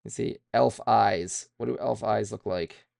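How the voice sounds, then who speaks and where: A man with a deep, very gravelly voice chats casually as he draws on a stream. He rambles and puts himself down, thinking aloud with lots of fillers. The sound is dry and close. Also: measured pace, darkish tone, no echo. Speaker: streamer drawing live. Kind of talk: casual streaming chat while drawing.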